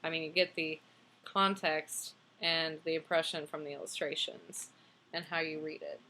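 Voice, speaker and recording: A woman's voice: deep voice, level tone, moderate pace, pushed and bright, a little hiss or hum. A young woman casually reviewing and reading a picture book aloud, enthusiastic and chatty with plenty of fillers.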